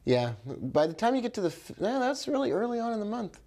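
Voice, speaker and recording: A man's voice: high-pitched, sing-song, quick pace, dark tone. Man thinking aloud over his trades. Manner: thinks aloud, upbeat exclamations; talks to viewers by name. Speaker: forex trader. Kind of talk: live trading commentary.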